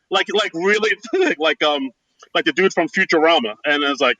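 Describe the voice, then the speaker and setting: A man co-hosting a casual podcast, talking loosely and haltingly with lots of "like" and "dude". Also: fairly high pitch, animated, pushed and bright, no room sound, rough recording. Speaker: podcast co-host.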